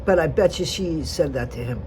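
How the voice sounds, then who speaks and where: Casual gossip vlog commentary, blunt, rambling, loud bursts and quiet asides, mid pitch. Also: expressive, brisk, background noise.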